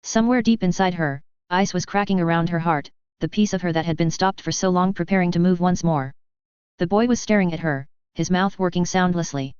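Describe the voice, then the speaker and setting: A woman narrating a story in a steady, measured reading voice. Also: lowish voice, clear, resonant tone, dry recording, muffled recording. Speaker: audiobook narrator. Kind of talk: scripted narration.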